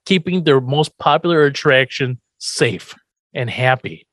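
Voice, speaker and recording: A man's voice: mid-range voice, a little slow, a bit bright, no room sound, clean studio sound. A man co-hosting a podcast, recapping an old sitcom episode in casual, profane chat and acting out the characters' lines. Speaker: podcast co-host.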